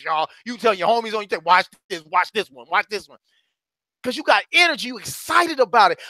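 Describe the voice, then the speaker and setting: A man giving an animated, playful motivational talk in a preacher-like delivery. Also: on the high side, dry recording, clean studio sound. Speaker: motivational speaker.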